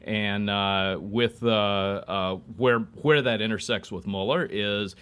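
A male political reporter with a low voice. He talks in a halting way, with frequent fillers as he works through the news. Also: fairly even intonation, fairly bright tone, clean tone. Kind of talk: guest political commentary.

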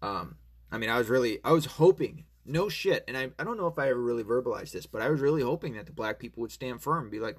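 A man's voice: medium pitch, lively intonation, quick pace, breathy edge. A man with an ordinary mid-range voice holds forth in a loose, unscripted monologue. He swears freely, circles back on himself with fillers and restarts, and drops mocking asides. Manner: profane, rambling, many fillers and restarts; reads online comments aloud with mocking asides. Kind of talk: casual monologue.

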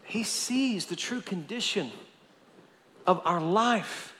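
A man with a high voice preaches to his church, emphatic and insistent, doubling back on words as he drives a point home. His voice rings out with a long reverb through a large sanctuary. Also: slow pace, bright, forceful tone. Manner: emphatic, repeats words when stressing a point. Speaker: pastor. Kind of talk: sermon.

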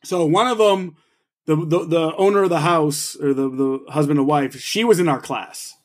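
A young podcast co-host tells a story in casual, profane chat, animatedly acting out what people said. His voice is on the high side, at a moderate pace.

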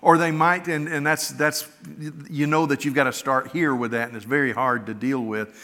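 A man's voice: mid-range voice, fairly even intonation, moderate pace, pushed and bright. A middle-aged man preaching a sermon as a pastor, telling stories in a folksy, earnest, conversational way. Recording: long reverb of a large hall.

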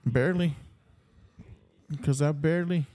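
Animated middle-aged man telling stories. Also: a little high, a little slow. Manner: animated storyteller, laughs often. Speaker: podcast co-host. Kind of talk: casual chat.

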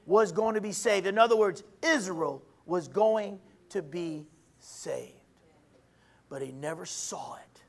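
A male preacher with a strikingly high-pitched voice delivers a sermon. He hammers his points by repeating phrases, rising to shouts and then dropping to hushed asides. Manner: emphatic, repeats phrases, swings between shouting and quiet.

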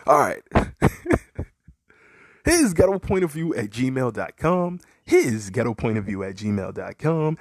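A man ranting through a commentary show in a husky voice, swearing freely and firing mocking rhetorical questions at his audience. His voice sits in an ordinary middle register and is recorded close and dry, with no room sound. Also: mid-range voice, big pitch swings, slow pace, no room sound. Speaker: commentary podcaster. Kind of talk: rambling opinion commentary.

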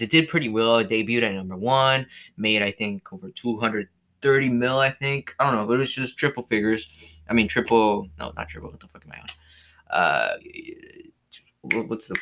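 A man's voice: mid-range voice, moderate pace, fairly bright tone. A man hosting his own movie review show, chatting casually, rambling, losing his train of thought and cursing often.

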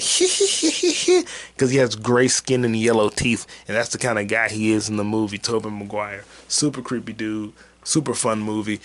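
Rambling, profane solo podcast host. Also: male voice, mid-range voice. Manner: rambling, profane, jokey, puts on silly voices for quotes. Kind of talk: solo movie-review rant. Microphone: mic on camera.

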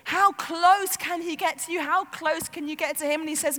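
A woman preaching a sermon in an animated, chatty way, peppering her talk with "like". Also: extremely high pitch, normal speed, few pauses. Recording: long hall reverb.

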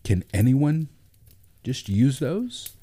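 A man's voice: mid-range voice, huge pitch swings, slow pace, mellow, husky, voice pushed up, exaggerated voice. A man voicing a nervous, sheepish father who stammers and hesitates.

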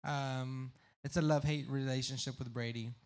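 A man on a podcast telling a story in casual chat, loud and profane, shouting out the voices of the crowd. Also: medium pitch, fairly even intonation, normal speed. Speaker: podcast guest.

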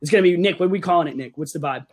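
A man's voice: on the high side, rapid-fire. Young male podcast co-host, ranting, casual and rowdy. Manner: ranting, animated, says okay often.

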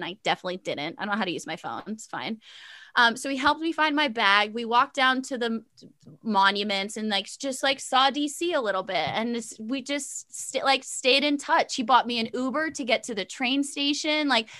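A young woman telling a long personal story in casual chat, sassy and animated, full of fillers and quoted dialogue. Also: on the high side, normal speed, no echo.

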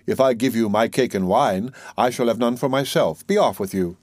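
A man's voice: mid-range voice, normal speed, a little mellow, dry recording, studio quality, natural voice. A rude selfish eldest son, read by a man. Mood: curt. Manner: curt.

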